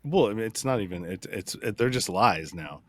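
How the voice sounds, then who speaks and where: A man's voice: fairly low pitch, expressive, normal speed, fairly bright tone. A man hosting a casual political podcast chat, rambling with many restarts and retelling arguments. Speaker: podcast host.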